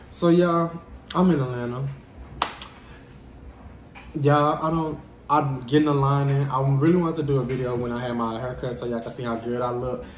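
A man telling a dramatic personal story to his vlog viewers in a lively, casual way. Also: medium pitch, moderate pace, roomy sound, slight background noise. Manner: animated, dramatic storytelling addressing viewers as y'all. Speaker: vlogger.

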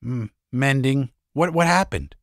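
A man's voice: medium pitch, expressive, measured pace, no echo, clean studio sound, voice pushed up. A man voicing a young woman, hesitant and shaken, in a raised, thin voice. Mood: anxious.

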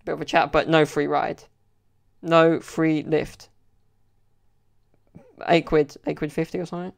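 This young man's voice is slightly high and flat, with vocal fry and a measured pace. Hosting a solo podcast, he rambles casually through stories, saying "like" and "you know" a lot.

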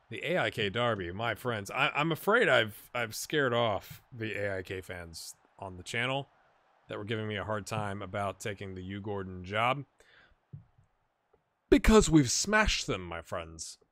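A man giving casual, rambling commentary over a football management game, with sudden excited outbursts and a slightly rough throat. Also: medium pitch, dry recording. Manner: rambling, excitable bursts over match play. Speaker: gaming commentator. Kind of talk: casual let's-play commentary.

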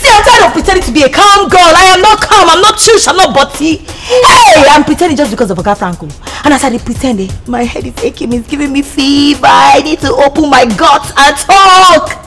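An actress with a Nigerian accent playing a restless, loud, gossiping young wife who slips into Pidgin and keeps exclaiming. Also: female voice, high-pitched, brisk, hardly any pauses. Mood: animated. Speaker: actress in a film. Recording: film audio with music beneath.

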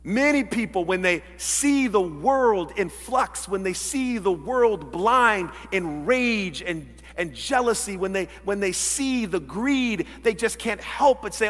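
A male pastor delivers a dramatic sermon in a high, ringing voice, slipping into quoted voices and shifting from loud outbursts to near whispers. His words trail off into a long reverb that fills the church sanctuary. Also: lively intonation, slow, hardly any pauses. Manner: dramatic, acts out quoted voices, swings between loud and hushed.

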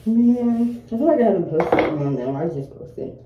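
A woman's voice: medium pitch, expressive, brisk, lo-fi sound, background noise. A tired teenage girl chatting casually and profanely to her viewers while getting ready at home. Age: late teens. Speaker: vlogger. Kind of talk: casual get-ready-with-me chat. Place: indoors at home by a mirror. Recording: echoey room, faint ambience.

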